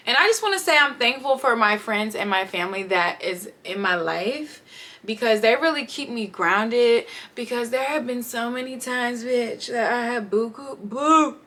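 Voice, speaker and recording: Bright, chatty woman vlogger. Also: on the high side. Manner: candid, chatty, talks straight to viewers. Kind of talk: casual sit-down life update.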